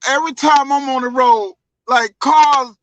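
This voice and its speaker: A man's voice: very high-pitched, fairly even intonation, unhurried, fairly bright tone, dry recording, lo-fi sound. A man co-hosting a casual talk show, telling a long rambling story full of restarts. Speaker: podcast co-host. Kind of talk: casual conversation.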